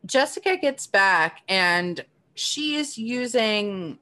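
A woman's voice: mid-range voice, animated, slow pace, pushed and bright. A woman co-hosting a podcast, recapping an episode in casual chat with sarcastic asides and lots of "like.". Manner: chatty, sarcastic, frequent "like" fillers. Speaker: podcast co-host.

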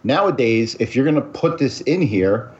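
A man's voice: mid-range voice, expressive, normal speed. A man co-hosting a podcast, casually and dryly critiquing a film. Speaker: podcast co-host. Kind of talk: casual chat about a film. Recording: slightly muffled, faint noise.

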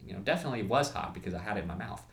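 A man's voice: on the low side, lively intonation, very fast, creaky, reverberant. A young man co-hosting a casual food review, rambling with lots of fillers and restarts. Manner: rambling, many fillers and restarts, laughs at himself.

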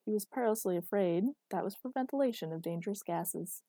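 A woman narrating a story in an even, measured reading voice. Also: medium pitch, dry recording.

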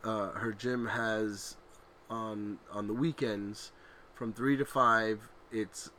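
A man in his thirties co-hosting a podcast, telling animated family stories in casual chat and laughing loudly at them. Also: on the low side, takes it slowly, a little hiss or hum. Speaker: podcast co-host.

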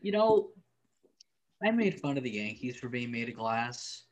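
A man's voice: mid-range voice, big pitch swings, a little slow, lo-fi sound, noisy background. A man co-hosting a sports podcast, chatting in a wry, offhand way with plenty of likes and ums. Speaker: podcast co-host. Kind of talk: casual sports podcast chat.

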